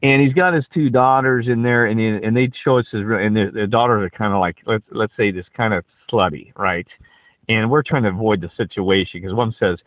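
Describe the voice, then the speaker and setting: A man's voice: lowish voice, brisk, no echo, poor audio. A man telling a rambling, profane anecdote in a casual way, often checking in with "right?". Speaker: storyteller.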